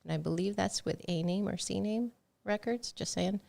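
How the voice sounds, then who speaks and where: A woman's voice: medium pitch, normal speed, gravelly, a little mellow. A middle-aged woman co-hosting a gaming podcast, reading news items in easygoing casual chat. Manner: easygoing, laughs often. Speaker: podcast co-host.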